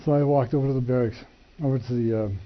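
An older man telling a personal testimony, acting out the dialogue with animated shifts in voice and chuckling between lines. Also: medium pitch, fast. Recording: dull lo-fi recording.

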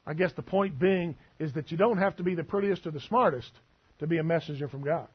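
A man's voice: fairly high pitch, a little fast, husky, highs cut off. A man preaching a sermon as pastor, folksy and full of asides and humor.

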